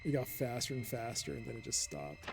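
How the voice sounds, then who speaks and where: A man streaming a game live, thinking out loud in a chatty way and reading item descriptions aloud. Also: medium pitch, sing-song, a little fast, creaky, over loud music. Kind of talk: casual live game commentary.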